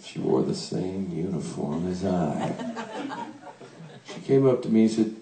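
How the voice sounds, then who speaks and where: An older man, a songwriter, telling a comic story on stage in a folksy, animated way, playing out the people he quotes, to a laughing audience. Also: deep voice, normal speed, long pauses, reverberant, distant mic, low-quality recording.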